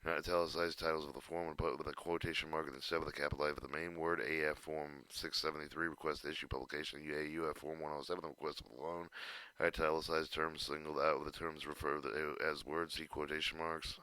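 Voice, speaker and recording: A man reading a writing style guide aloud, halting and stumbling over words with restarts. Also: rumbling low, level tone, bright, forceful tone, dry recording.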